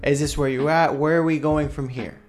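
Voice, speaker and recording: A man hosting a casual podcast chat, reacting eagerly with quick interjections and questions. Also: a little high, fairly even intonation, soft background music. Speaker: podcast host.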